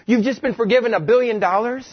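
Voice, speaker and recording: A man preaching a sermon, telling a story with animated energy and acting out the quoted lines. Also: extremely high pitch, quick pace, slightly rough, muffled recording. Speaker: pastor.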